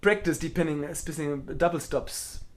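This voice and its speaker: Blunt, self-deprecating man, slightly high voice. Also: a little fast, slight background noise. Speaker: cellist answering viewer questions. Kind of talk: live online Q&A.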